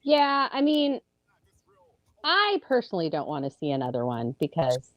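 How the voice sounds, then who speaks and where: A woman's voice: sits low, big pitch swings, moderate pace, dry recording. Chatty woman co-host. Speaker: podcast co-host. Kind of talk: casual chat.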